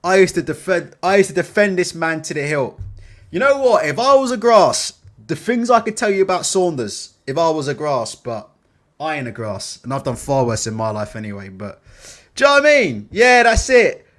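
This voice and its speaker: A man hosting a casual boxing livestream in an animated, bantering way, swearing freely. His pitch sits a bit high for a man and swings widely from line to line. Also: moderate pace. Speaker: boxing channel host.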